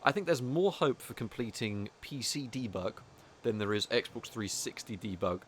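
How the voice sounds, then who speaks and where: A man's voice: medium pitch, moderate pace, a bit bright, slight background noise. A man giving casual, joking commentary while speedrunning a game, teasing other players and swearing now and then. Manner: joking, mocking, swears casually, many fillers.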